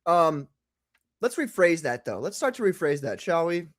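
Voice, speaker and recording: A man's voice: a little high, very animated, normal speed. A man from the United States hosting a casual livestream chat, ranting profanely and laughing often. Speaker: podcast host.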